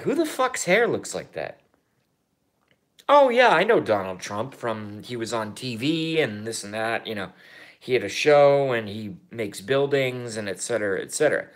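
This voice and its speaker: A man in his thirties rambling through a political vlog monologue, excitable and profane, swinging from mumbled asides to loud outbursts and repeating himself. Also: mid-range voice. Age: 30s. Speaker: YouTuber.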